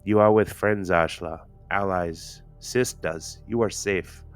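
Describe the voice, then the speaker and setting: A compassionate, soothing woman, voiced by a man who speaks in a hush and lifts her vowels upward in a lilting way. The voice sits low, with faint music behind it. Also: fairly even intonation, slow pace, no room sound. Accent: lilting, heavy upward inflection on vowels. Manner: soothing, hushed. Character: gentle, compassionate older woman healer.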